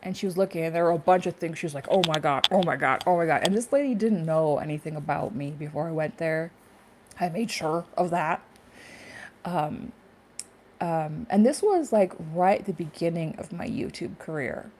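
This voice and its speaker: Woman vlogger, mellow tone, loose rambling delivery full of fillers, faint hiss in the recording. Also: on the low side, normal speed. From Canada. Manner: rambling, laughing to herself, many fillers. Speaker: spiritual YouTuber. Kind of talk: casual spiritual vlog monologue.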